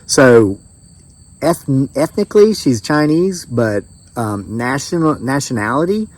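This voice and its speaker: A man in his fifties, a vlogger and veteran, telling a story in a casual, folksy, emphatic way. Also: medium pitch. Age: 50s. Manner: animated, emphatic, folksy, with quick swings in loudness. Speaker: homesteading vlogger and disabled veteran.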